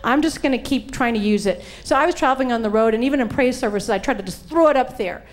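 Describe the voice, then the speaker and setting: Preaching at a quick pace, a middle-aged woman with a somewhat high voice tells funny stories from the pulpit. She's animated and performs the quoted voices herself.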